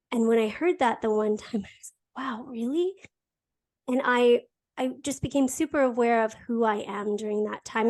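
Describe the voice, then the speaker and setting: A woman's voice: on the high side, darkish tone. A young woman hosting a casual conversation, talking candidly, laughing often and restarting her sentences. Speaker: podcast host.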